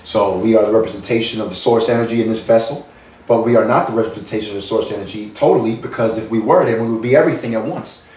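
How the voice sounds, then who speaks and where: A man's voice: lowish voice, quick pace, a little mellow. A man from the United States giving a meandering, repetitive spiritual monologue, restarting and circling back as he explains his ideas earnestly. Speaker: spiritual channel host. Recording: roomy sound, mic at a distance.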